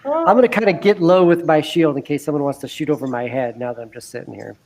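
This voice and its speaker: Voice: medium pitch, fast talker. A player in a live tabletop game, counting squares and asking the game master questions. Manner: lively, counting out moves. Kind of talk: casual game talk.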